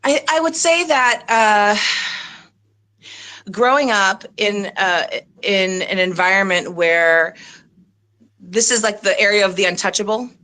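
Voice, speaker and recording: A woman's voice: mid-range voice, measured pace, long pauses, bright, forceful tone. A middle-aged woman coach on a video call, slightly out of breath, speaking earnestly and reflectively with many fillers. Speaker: coach and consultant. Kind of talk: audition interview on a video call.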